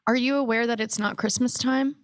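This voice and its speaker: A woman's voice: a little high, steady tone, fairly quick, no room sound, studio quality. A woman co-hosting a podcast, asking brief, teasing questions in casual chat. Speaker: podcast co-host.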